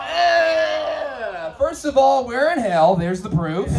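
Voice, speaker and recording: A man doing a crude stand-up set at a live comedy show, with animated punchlines and bursts of shouting. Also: very high-pitched, takes it slowly, vocal fry, long pauses, crowd noise.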